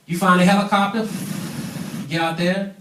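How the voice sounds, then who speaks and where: A man's voice: high voice, flat delivery, normal speed, pushed and bright, slight background noise. A man giving an emphatic business training talk to a live audience, preaching his points and calling for responses. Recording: echoey room, mic at a distance.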